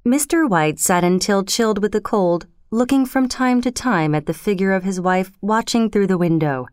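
Woman narrator, audiobook reading, steady and measured, smooth voice, dry close recording. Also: mid-range voice, no room sound. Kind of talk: scripted narration.

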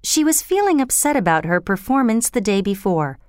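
A woman narrating a storybook in an expressive, steady reading voice. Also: medium pitch, moderate pace, no room sound, clean studio sound.

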